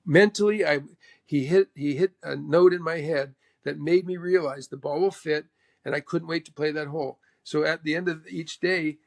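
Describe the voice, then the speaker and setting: A man from Canada, a pro golfer, telling stories in an interview in an animated way, acting out what others said. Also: on the high side, normal speed, creaky. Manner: animated, acts out the other person's speech. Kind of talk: storytelling interview.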